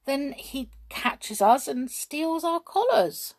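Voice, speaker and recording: A woman's voice: high voice, big pitch swings, takes it slowly, pitched above the performer's own voice, exaggerated voice. A woman doing a small eager talking dog.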